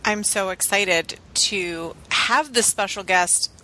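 A woman's voice: medium pitch, slow pace, pushed and bright, low-quality recording. A woman co-hosting a podcast, upbeat and laughing along in casual chat. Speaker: podcast co-host.

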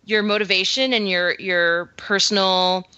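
A woman from Canada with a softened Canadian accent, hosting a podcast in casual, chatty talk full of "like" and "um". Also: medium pitch, steady tone, measured pace, smooth, dry recording, muffled recording. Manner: chatty, filler-heavy, laughs often. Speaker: podcast host. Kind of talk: casual chat.

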